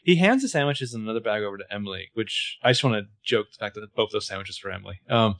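A man's voice: lowish voice, animated, fast, few pauses, a bit bright, no echo. Wry man narrating a TV recap. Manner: wry, narrates plot with dry jokes. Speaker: podcast co-host. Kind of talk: casual recap chat.

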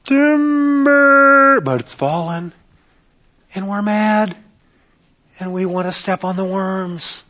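A male pastor preaching a sermon, dramatic and sarcastic, swinging between loud bursts and hushed asides. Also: high voice, takes it slowly, long pauses.

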